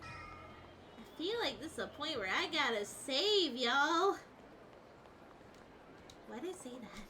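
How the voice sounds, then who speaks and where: A young woman streaming a video game live, chatting in an excitable, gushing way and swearing freely. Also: sits high, slow pace, heavy background noise.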